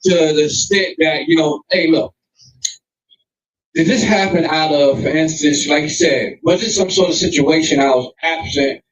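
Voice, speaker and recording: A man's voice: a little high, normal speed, roomy sound. A man co-hosting a casual podcast chat, talking in a rambling, reflective way. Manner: rambling and reflective, laughs often. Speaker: podcast co-host. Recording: distant mic, dull lo-fi sound.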